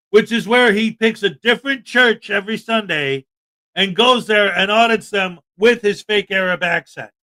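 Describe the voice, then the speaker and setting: A man's voice: high-pitched, bright, forceful tone. A man hosting a livestream, talking in an indignant, emphatic rant and reading out chat. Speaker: livestream host. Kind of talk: livestream commentary.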